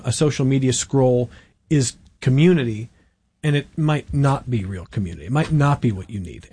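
A man's voice: medium pitch, darkish tone. Man asking thoughtful interview questions. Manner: probing, reflective questions. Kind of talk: interview conversation.

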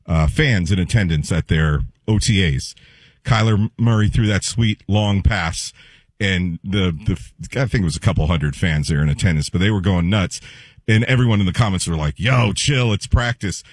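A man on a sports talk radio show, recapping events in a steady way. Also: low-pitched, moderate pace, no room sound.

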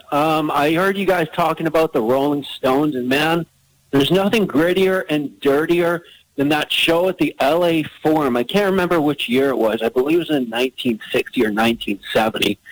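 A man's voice: on the high side, dry recording, poor audio. Rambling man calling into radio. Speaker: radio caller. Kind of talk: casual call-in chat.

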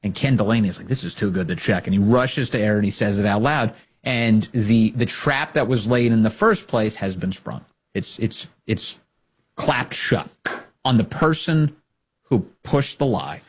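A man's voice: fairly low pitch, a little slow, husky. A man hosting political commentary, sarcastic and mocking, slipping into quoted put-on voices.

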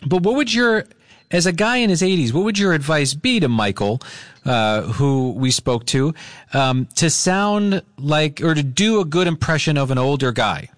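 A man's voice: a little high, animated, normal speed, no echo, clean studio sound. A man hosting a radio call-in show, upbeat and playful with the caller.

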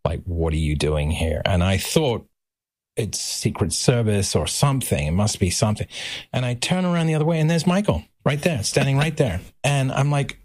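A man telling a story as a podcast guest, animated and acting out voices. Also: medium pitch, moderate pace, no room sound, clean studio sound. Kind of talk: anecdotal storytelling.

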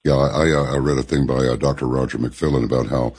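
A man's voice: very deep voice, fairly even intonation, fast talker, darkish tone, breathy edge. A male host interviewing a political guest, agreeable and hesitant, with many fillers.

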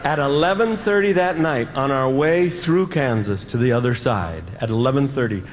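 A man doing stand-up storytelling, animated, with drawn-out pauses and sound effects, recorded live in a large hall. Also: mid-range voice, background noise. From American Midwest farm country. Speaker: stand-up comedian. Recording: live hall reverb with faint ambience.

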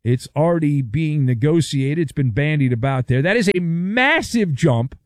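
A man's voice: fairly high pitch, dry recording, clean studio sound. A man hosting a sports talk radio show, delivering a sarcastic, wisecracking monologue.

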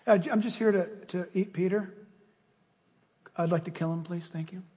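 Casting: a preacher voicing a sly, overly polite Satan, husky tone, long hall reverb. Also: male voice, high voice, steady tone, moderate pace, warm tone, voice pushed down. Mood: mock polite. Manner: mock-courteous, hesitant. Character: polite, scheming Satan asking for a victim.

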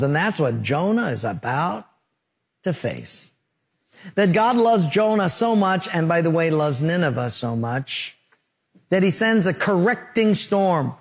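A middle-aged male pastor preaching a sermon, telling lively stories with sound effects and acted-out quotes. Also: fairly high pitch, in a large hall.

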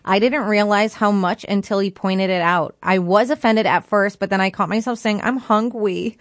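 A woman's voice: mid-range voice, steady tone, moderate pace, dry recording. Frank woman reading listener comments on radio. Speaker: radio show co-host. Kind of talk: casual radio chat.

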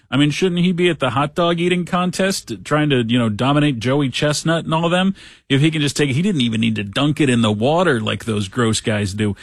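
A man's voice: mid-range voice, dry recording, clean studio sound. A man hosting a talk show, reading news articles aloud and riffing on them with wry jokes. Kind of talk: casual news commentary.

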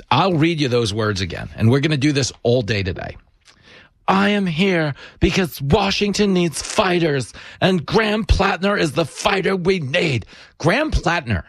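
Sarcastic gravelly talk radio host man. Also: medium pitch, dry recording, clean studio sound. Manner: sarcastic, mocking.

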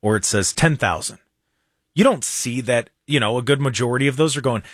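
A man's voice: medium pitch, a little fast, dry recording, studio quality. A man hosting a radio talk show, talking casually and sarcastically with mocking asides. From Ohio.

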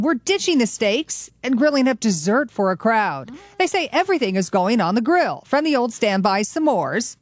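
Woman, dry close sound, scripted feature read, even delivery. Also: medium pitch, no room sound. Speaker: news reporter.

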